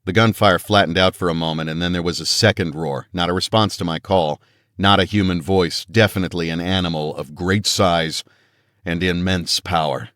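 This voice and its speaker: A man's voice: deep voice, steady tone, normal speed, fairly bright tone, no room sound, studio quality. A man reading a first-person action audiobook in a tense, dramatic storytelling manner. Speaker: audiobook narrator. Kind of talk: first-person scripted narration.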